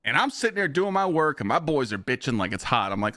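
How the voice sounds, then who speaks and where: A man's voice: mid-range voice, quick pace, hardly any pauses, no room sound. Young guy streamer swearing his way thru a story to chat, dry close sound. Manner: profane, blunt, animated storyteller who talks to chat. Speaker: game streamer. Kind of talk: casual live-stream storytelling.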